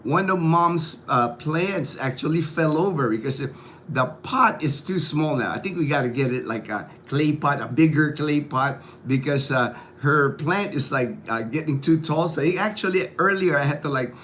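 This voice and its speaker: A man's voice: fairly high pitch, moderate pace, fairly bright tone, slight background noise. Upbeat man chatting on a morning livestream. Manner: upbeat, greets viewers by name, many fillers. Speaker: livestream host. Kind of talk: casual morning livestream chat. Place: home in a provincial town.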